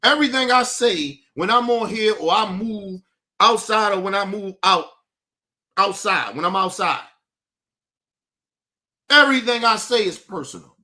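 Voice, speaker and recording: A man's voice: high voice, animated, unhurried, long pauses, pushed and bright. A male streamer hosting his show, ranting in a profane, combative and taunting way. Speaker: host. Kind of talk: livestream commentary rant.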